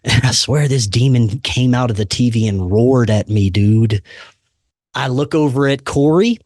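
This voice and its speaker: A man hosting a podcast, telling a personal story in a casual, animated way, acting out the voices he quotes and dropping "man" and "dude" often. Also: mid-range voice, measured pace, dry recording, clean studio sound. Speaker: podcast host.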